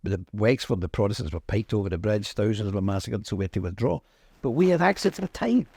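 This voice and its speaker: Middle-aged Northern Irish male guest, lively pitch, dry room sound; emphatic storyteller. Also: fast talker, husky, no echo. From Northern Ireland. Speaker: interview guest. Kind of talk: conversational interview.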